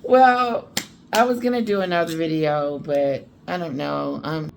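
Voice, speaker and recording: A woman's voice: low voice, fairly even intonation, a little slow, gravelly, a little hiss or hum. A woman vlogging casually at night, sleepy and a little tipsy, rambling as she reacts to news clips. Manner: rambling, drowsy, slightly tipsy. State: sleepy after drinks.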